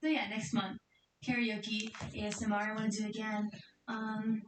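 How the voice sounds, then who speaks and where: A woman's voice: mid-range voice, level tone, moderate pace, reverberant, far from the mic, a little hiss or hum, rough recording. A woman streamer chatting casually to her viewers, rambling and giggly as she talks about her plans. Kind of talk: casual chat.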